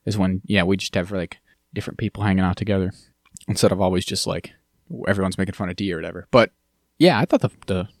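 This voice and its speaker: A man co-hosting a podcast, chatting casually about a TV episode and jumping into animated impressions of the characters. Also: fast talker, no room sound, studio quality. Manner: animated, jumps high when mimicking characters. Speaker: podcast co-host. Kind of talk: casual chat recapping a TV episode.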